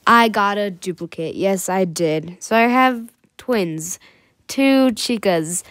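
A woman's voice: mid-range voice, slow pace, fairly bright tone. A woman hosting a casual toy unboxing vlog, chatty and bubbly, laughing at herself now and then. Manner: bubbly and chatty, giggly asides. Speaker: toy reviewer.

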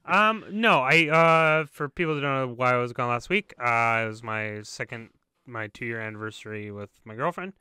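A young adult man co-hosting a podcast, talking in a joking, animated, teasing way. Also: medium pitch, moderate pace, clear, resonant tone, no room sound, studio quality. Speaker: podcast co-host. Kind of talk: casual chat.

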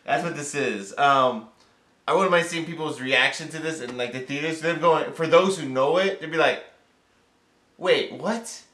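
A man's voice: fairly high pitch, moderate pace, pushed and bright, echoey room. A man co-hosting a casual reaction chat, repeating himself with many fillers. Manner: repetitive, filler-heavy. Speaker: co-host.

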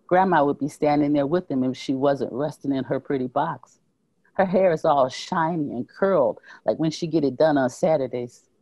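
A woman author reading her own short story aloud at a library talk, slow and measured. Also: low-pitched, a little mellow, dry recording, rough recording.

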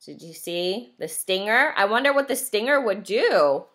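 A woman teacher reading a picture book aloud to young children, asking them questions as she goes. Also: medium pitch. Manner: slow, expressive, asks children questions.

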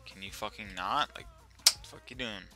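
A young man giving profane, excitable commentary while playing as a server admin, often repeating himself. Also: fairly low pitch, fairly quick, over music. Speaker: Minecraft server admin streamer. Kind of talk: gameplay commentary while recording.

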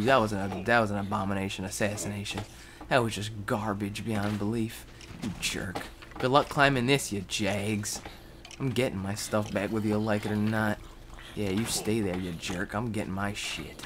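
Young guy doing game commentary, lowish voice, mumbles and whispers then yells and swears at the game. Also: background noise. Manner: erratic, swings from mutters and whispers to yelling; swears freely, talks to viewers. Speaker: gaming video host. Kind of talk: casual gameplay commentary.

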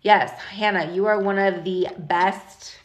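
A woman in her thirties hosting a live stream, talking casually and directly to her viewers in an animated, chatty way. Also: medium pitch, slow. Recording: echoey room.

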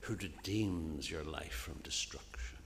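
A man preaching an earnest sermon in a church, often dropping to a soft, hushed voice on key phrases. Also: extremely low pitch, a little slow, slight background noise. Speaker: minister preaching. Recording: long reverb of a church hall, faint ambience.

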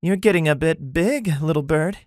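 A man voicing a determined young woman who leads her people, steady and reassuring. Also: fairly high pitch, moderate pace, no room sound, studio quality, voice pushed up, lightly acted.

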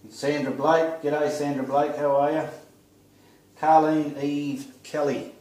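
A man with an Australian accent, casually greeting friends in a friendly, unhurried way while he paints. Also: on the high side, fairly even intonation, a little mellow. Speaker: artist vlogger. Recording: roomy echo, distant mic.

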